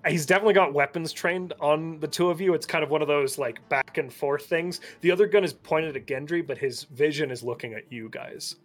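A man narrating a tabletop game as game master, relaxed and hesitant with many fillers. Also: fairly high pitch, brisk, few pauses, soft background music.

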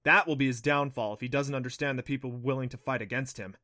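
A man's voice: mid-range voice, fairly even intonation, fast talker, bright, forceful tone, no room sound, clean studio sound, natural voice. A man doing an earnest teenage boy. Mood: determined. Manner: earnest and worried.

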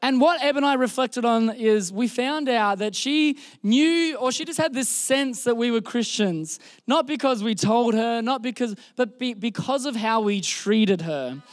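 High-voiced Australian pastor preaching. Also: male voice, unhurried, hardly any pauses, no room sound, clean studio sound. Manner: animated, self-deprecating, frequent restarts. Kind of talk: sermon with storytelling. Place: church service.

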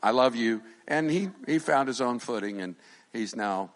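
A middle-aged male pastor preaching a sermon, animated, swinging from shouted lines to quiet asides and joking with the congregation. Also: mid-range voice, normal speed. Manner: jokes with the congregation.

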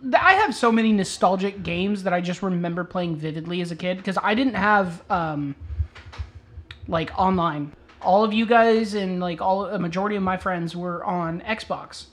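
A woman telling a story in casual chat, animated and often giggling. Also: on the low side, normal speed.

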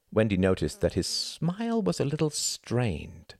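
A man narrating an audiobook in a measured, intimate reading. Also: on the low side, huge pitch swings, no echo, clean studio sound.

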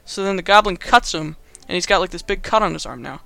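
Bright, high-voiced young man rambling. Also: fast, creaky, no room sound. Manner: rambling, filler-heavy, amused. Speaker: host. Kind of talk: casual comedic movie recap.

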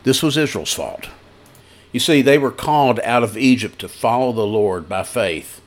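A male pastor delivering a broadcast sermon in a middle-pitched voice. He talks in a conversational, folksy way, moving from stories into scripture reading. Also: lively intonation, moderate pace.

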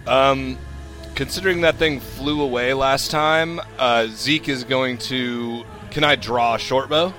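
A man's voice: medium pitch, unhurried, bright, forceful tone, faint music behind. A man playing a tabletop game, chatty and casually swearing as he plans his moves. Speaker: player.

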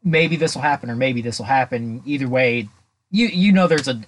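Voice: mid-range voice, moderate pace. A podcast co-host in casual chat, mostly reacting and asking short questions.

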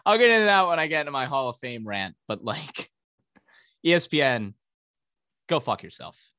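A man's voice: a little high, animated, normal speed, pushed and bright, dry recording. A male podcast co-host ranting about sports in casual, profane talk.

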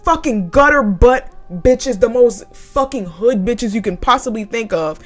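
A woman's voice: fairly high pitch, a little slow, soft background music. A young woman telling a story about her retail job in a casual, heated rant full of swearing. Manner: profane, heated and animated.

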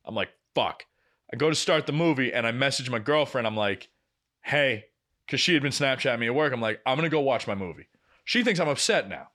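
A young man co-hosts a casual podcast with a bright, forceful voice. He tells stories in an animated way and swears often, at an everyday middle pitch. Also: fast. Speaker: podcast co-host. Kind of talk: casual chat.

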